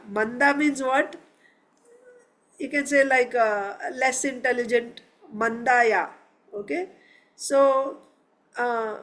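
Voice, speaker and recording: A woman leading a verse-by-verse scripture class, explaining word meanings step by step and asking the class questions. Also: a little high. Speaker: scripture teacher.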